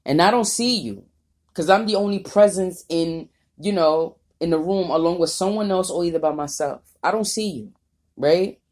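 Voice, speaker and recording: A woman's voice: on the low side, moderate pace, darkish tone. A woman vlogger talking off the cuff in a rambling, profane, confrontational rant. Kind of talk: unscripted vlog monologue.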